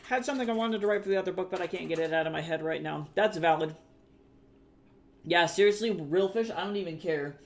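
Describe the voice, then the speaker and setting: A man from the US with a high-pitched voice chats loosely with his stream viewers. He reacts to chat and swears freely. Keyboard typing is heard behind him. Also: a little fast. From United States. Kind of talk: casual livestream chat with viewers.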